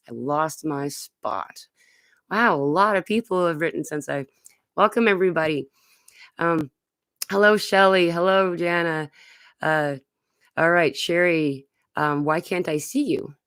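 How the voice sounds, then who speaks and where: A woman's voice: sits low, a bit bright, no room sound, studio quality. A woman hosting a live online Q&A on spiritual topics, reading viewer comments aloud and talking in a rambling, casual way with many fillers.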